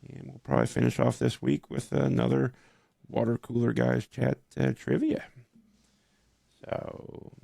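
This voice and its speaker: A man hosts a loose, chatty podcast with a very gravelly, fry-heavy voice that is worn rough by a cold. His pitch jumps around a lot as he laughs and talks. The mic is close and dry. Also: unhurried, no room sound. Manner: laughs often, relaxed and chatty. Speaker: podcast host. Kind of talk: casual chat.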